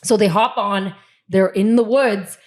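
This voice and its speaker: A woman's voice: medium pitch, fairly even intonation, a little slow, a little mellow. A woman co-hosts a casual podcast and retells a story with plenty of animation. She is chatty and talks straight to her friend. She acts out what each character says along the way. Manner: chatty, calls the listener "girl". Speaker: podcast co-host. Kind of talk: casual chat retelling a book plot.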